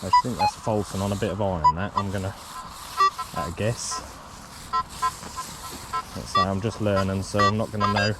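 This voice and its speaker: A man with a lowish, fairly even voice speaks at normal speed but pauses often, with heavy background noise around him. He's casually setting up and using a metal detector in an open farm field, rambling with many ums and self-corrections.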